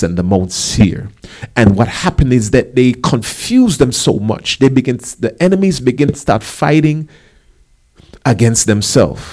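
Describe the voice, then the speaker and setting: A male pastor preaching a sermon, animated, with rising emphasis and casual asides. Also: fairly low pitch.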